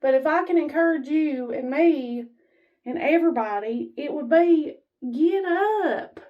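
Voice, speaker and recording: Recorded with lo-fi sound, a woman vlogger with a high voice talks at normal speed to her camera while standing and filming herself. She offers blunt, rambling, folksy motivation.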